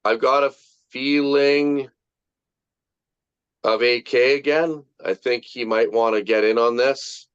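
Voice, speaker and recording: Steady, clear, and resonant, this man's mid-range voice takes things slowly with no room sound. As group leader of a casual motivational talk on an online video meeting, captured in a muffled, dry call recording, he's emphatic, repetitive, and swears freely.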